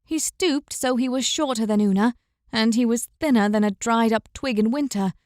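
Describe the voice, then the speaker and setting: A woman narrating a fantasy audiobook in a measured, even storytelling manner. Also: a little high, dry recording. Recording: dry, close recording.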